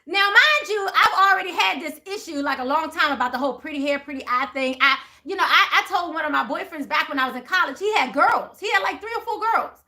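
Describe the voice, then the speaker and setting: A woman's voice: high voice, fast talker, few pauses. A woman hosting a casual livestream, telling a story with lots of laughter and answering viewer comments. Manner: animated, laughing, reads viewer comments aloud. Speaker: spiritual livestream host.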